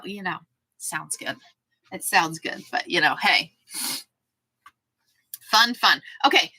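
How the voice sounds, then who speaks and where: A woman's voice: medium pitch, bright, forceful tone, dry recording, poor audio. A woman hosting a casual sewing livestream, chatting with viewers by name and talking to her dog between steps.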